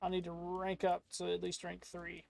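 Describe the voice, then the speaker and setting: A man streaming a video game, chatting casually to his viewers and getting loudly frustrated with the game. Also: high voice, monotone, moderate pace, gravelly. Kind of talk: casual gameplay commentary.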